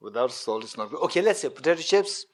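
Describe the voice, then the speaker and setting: Middle-aged man, Buddhist retreat teacher, a bit high-voiced, repetitive and questioning. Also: quick pace. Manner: repetitive, questioning the audience, animated with gestures. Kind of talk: dharma teaching to a retreat audience. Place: meditation centre hall.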